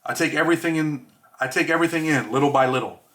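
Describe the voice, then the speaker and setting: Bright-voiced man reading his memoir. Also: fairly high pitch. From New York. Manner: measured, reflective. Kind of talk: audiobook reading.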